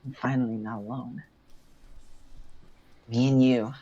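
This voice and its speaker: A lonely young fighter girl, voiced by a woman with a low, unhurried voice. She talks slowly with a wistful, teasing edge, close to the player's own voice. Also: steady tone, mellow, dull audio, faint music behind. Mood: tender.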